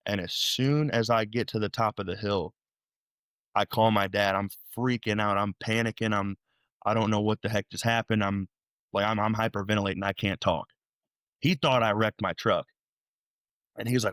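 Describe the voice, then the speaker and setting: A young man from Illinois, guest on a podcast, retelling a frightening night in an animated, rambling way with many restarts. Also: lowish voice, fairly quick, dry recording, studio quality. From Illinois, USA. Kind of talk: storytelling interview.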